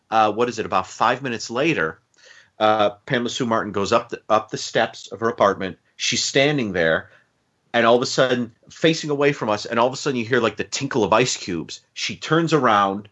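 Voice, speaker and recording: A man with a voice on the low side, captured in lo-fi sound, co-hosts a podcast and chats casually reviewing a TV movie. He rambles, with lots of restarts and fillers, and retells scenes animatedly.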